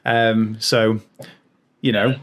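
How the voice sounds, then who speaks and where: A man's voice: on the low side, little pitch movement, drawn-out words, noisy background. A man hosting a podcast, chatting casually with many restarts and frequent laughs. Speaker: podcast host. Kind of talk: casual chat.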